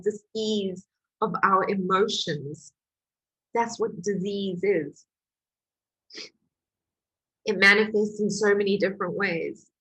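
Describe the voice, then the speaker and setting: Husky-voiced woman confiding. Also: mid-range voice, fairly bright tone, poor audio. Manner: emotional, confessional storytelling. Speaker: healing course coach. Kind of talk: candid motivational talk.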